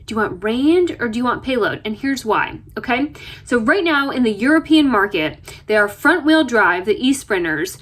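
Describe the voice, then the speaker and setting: A woman vlogger from the United States talking in a chatty, self-deprecating way, telling stories with lively asides. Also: on the high side. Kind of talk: casual chat. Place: RV interior.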